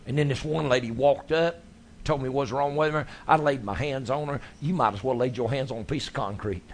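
A man preaching a sermon, telling his stories in a folksy, animated way. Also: mid-range voice, a little fast, slight background noise. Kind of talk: sermon storytelling.

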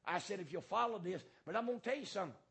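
A man preaching a fiery sermon as pastor, hammering points through repetition and filling pauses with "uh" and "um". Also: sits high, lively intonation, gravelly, a bit bright, husky.

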